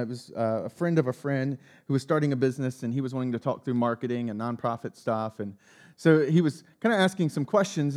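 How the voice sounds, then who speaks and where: Animated high-voiced male pastor. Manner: animated, self-mocking storytelling. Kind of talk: sermon with a personal story.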